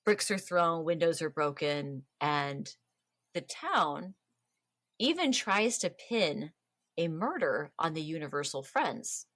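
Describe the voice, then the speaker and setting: A woman hosting a casual history podcast, telling the story in a chatty, animated way with playful voiced quotes. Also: low-pitched, slow pace, no echo, studio quality. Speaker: podcast host.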